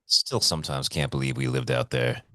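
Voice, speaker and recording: A man's voice: a bass voice, fairly even intonation, fairly quick, fairly bright tone, no echo, studio quality. A man co-hosting a podcast over a remote call, telling stories in a laid-back, swearing, casual way. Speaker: podcast co-host. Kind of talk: casual chat.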